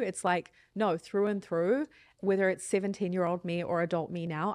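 A woman's voice: lowish voice, steady tone, moderate pace, a little mellow, dry recording, studio quality. A woman in her thirties, a podcast guest, telling a personal story in a candid, reflective and earnest way. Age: 30s.

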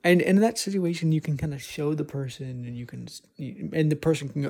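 A man's voice: fairly high pitch, fast talker, hardly any pauses, darkish tone. A man talking alone on a casual podcast, thinking aloud and rambling with frequent restarts. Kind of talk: casual solo monologue.

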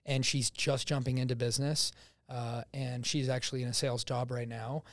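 A man's voice: medium pitch, level tone, moderate pace, dry recording. A man, a podcast guest chatting casually and confidently, laughing often. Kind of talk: casual chat. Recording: dry close studio sound.

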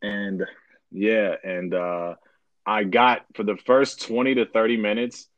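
Relaxed young male co-host, low voice, rambles with fillers, dry close sound. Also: takes it slowly, dry recording, lo-fi sound. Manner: laid-back, rambling with many fillers. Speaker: podcast co-host. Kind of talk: casual podcast chat.

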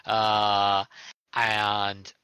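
Bright-voiced man running a tabletop game. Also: lowish voice, completely flat delivery, extremely slow, smooth, no room sound, rough recording. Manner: rambling, full of uhs and likes. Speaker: game master.

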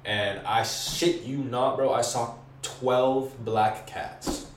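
A man's voice: mid-range voice, slow, distant mic. A young man telling a wild story in casual podcast talk, slangy and profane, with lots of "bro" and "like," acting out the voices and screams he describes. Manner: excitable, acts out voices and screams. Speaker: podcast guest. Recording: echoey room, away from mic, faint hiss.

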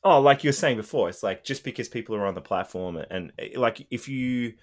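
A man co-hosting a podcast, agreeable and quick to laugh in casual chat. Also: mid-range voice, animated. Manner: agreeable, frequent backchannel, laughs often. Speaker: podcast co-host.

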